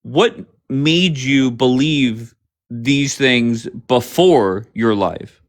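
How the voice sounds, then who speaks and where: Male livestream host, blunt and combative, peppers guests with profane questions. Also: medium pitch. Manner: blunt, swearing, grilling guests with rapid questions. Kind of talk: confrontational livestream chat.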